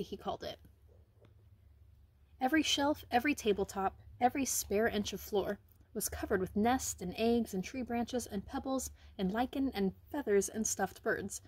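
A woman reading a children's picture book aloud, with gentle, expressive storytelling. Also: on the high side, husky, no echo. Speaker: reader.

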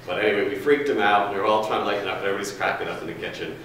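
A man with a low, steady voice and a fairly bright tone talks at a racing clip with few pauses. A food and beverage trainer, he tells a folksy, rambling workplace story, chatty and full of fillers, before running a staff training session in a large meeting room. The recording sounds distant, with a very echoey room and faint noise.

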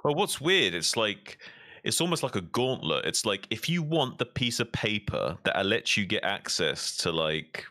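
A man's voice: on the low side, big pitch swings, a little slow, bright, forceful tone. A man in casual podcast chat, ranting animatedly with opinions and swearing. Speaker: podcast co-host.

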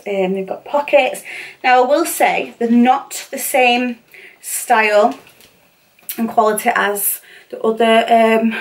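A young woman chatting casually in a fashion haul, gushing and repeating herself with lots of fillers. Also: medium pitch. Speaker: fashion vlogger. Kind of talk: casual try-on haul chat. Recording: voice somewhat far from the mic.

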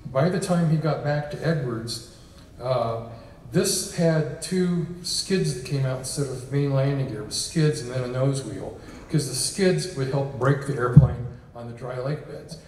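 Speaking at a measured pace in a mid-range, slightly mellow voice, a man delivers an informal guest lecture full of ums and uhs. The setting is a reception hall with an audience, recorded from afar with echo and a little hiss or hum.

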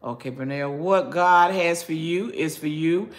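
A woman, chatting with her viewers in a slow, folksy, preachy way. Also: sits low. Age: 70s. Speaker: cooking channel host reading chat. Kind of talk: casual live chat.

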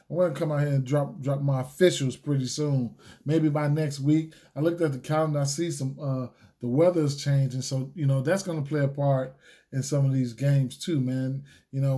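Laid-back rambling sports picks host. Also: male voice, fairly high pitch, mellow. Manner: rambling, many fillers and restarts; laid-back slangy talk. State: hiccups. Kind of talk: casual solo picks video.

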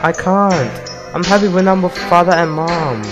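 A man's voice: high-pitched, normal speed, voice pushed up, close to an everyday voice. A man voicing a young girl who begs not to be left alone, over violin music. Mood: pleading. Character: pleading young girl, clinging to her parents.

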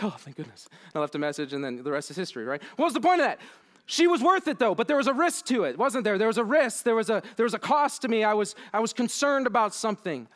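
Animated high-voiced man telling a story. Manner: animated, self-deprecating, acts out his own lines. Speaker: keynote speaker. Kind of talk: storytelling conference keynote. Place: conference hall.

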